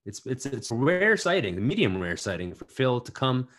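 A young man co-hosting a podcast, joking around in casual chat and riffing bits with quick restarts. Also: medium pitch, sing-song, a bit bright. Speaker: podcast co-host.

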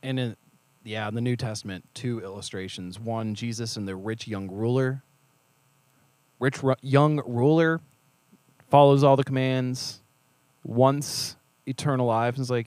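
A man co-hosting a casual faith talk, retelling stories with lively acted-out quotes and quick asides. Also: medium pitch, no room sound. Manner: animated storyteller, acts out quoted voices, quick asides.

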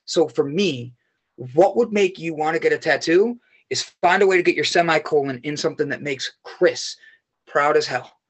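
Rambling, animated man telling stories. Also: fairly high pitch, normal speed, breathy edge. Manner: rambling, animated storyteller, swears freely. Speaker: podcast guest. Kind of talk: casual chat.

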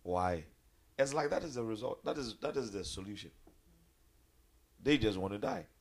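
A man preaching a sermon, animated, swinging between loud high outbursts and low quiet stretches. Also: normal speed. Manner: animated, acts out quoted voices with big jumps in pitch.

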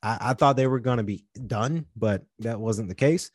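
A man's voice: mid-range voice, normal speed, dry recording, studio quality. A young man hosting a podcast in a casual monologue, rambling and earnest, often restarting his sentences. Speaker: podcast host.

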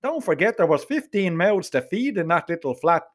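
A man's voice: sits high, sing-song, moderate pace. A middle-aged man with a Dublin Irish accent telling a crude comic story in the first person, swearing freely. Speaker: narrator.

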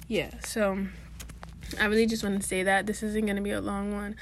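A woman's voice: mid-range voice, flat delivery, normal speed, slight background noise. A young woman vlogging in a casual, chatty way, full of slang and fillers, speaking straight to her viewers. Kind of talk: casual talk to camera.

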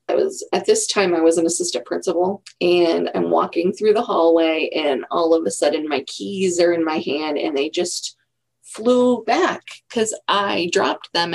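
A woman's voice: fairly low pitch, creaky, a little mellow, rough recording. A middle-aged woman telling her own story in a candid, reflective way during a casual interview. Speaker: guest.

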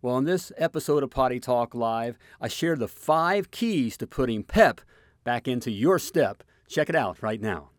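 A man hosting a live talk show from a studio. He talks in an energetic, chatty way and keeps tacking "all right?" onto his lines. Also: medium pitch, moderate pace, a little hiss or hum. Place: home studio.

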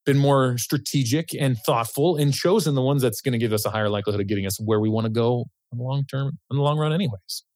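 A man's voice: mid-range voice, fast talker, hardly any pauses, darkish tone, no room sound. A man who is a financial planner, speaking as an interview guest, thoughtful and sometimes searching for words. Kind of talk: casual interview chat.

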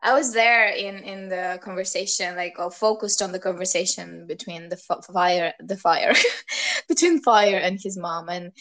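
A woman co-hosting a podcast in casual chat, emotional and quick to exclaim, quoting scenes she watched. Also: lowish voice, lively intonation, a bit bright. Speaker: podcast co-host.

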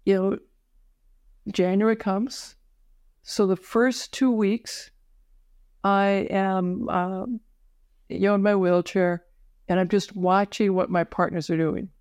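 A woman physician telling her personal story as a podcast guest, halting, with many fillers and restarts. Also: mid-range voice, darkish tone, clean tone, no room sound, studio quality. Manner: emotional at moments. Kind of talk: personal story told in an interview.

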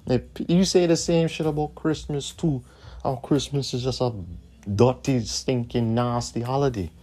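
A man's voice: medium pitch, fairly even intonation, moderate pace, dark tone. A man hosting his own podcast, ranting in a combative, profane way and repeating his points. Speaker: podcast host.

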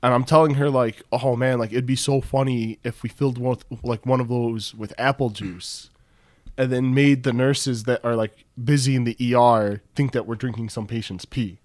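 A man's voice: mid-range voice, normal speed, no room sound. Man telling a story, dry sound. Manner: animated anecdote-telling, heavy use of "like". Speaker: podcast co-host. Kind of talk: casual storytelling chat.

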